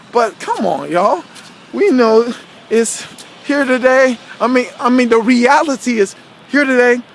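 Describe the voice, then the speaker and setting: High-voiced man preaching casually. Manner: rambling, repeats himself, leans on "you know what I'm saying"; asks rhetorical questions. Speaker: vlogger preaching to viewers.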